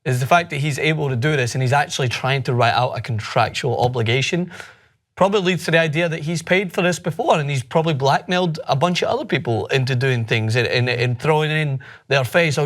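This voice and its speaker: A man's voice: fairly high pitch, a little fast. A man co-hosting a sports news chat, giving blunt, indignant opinions with frequent restarts. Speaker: co-host. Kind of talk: casual news commentary.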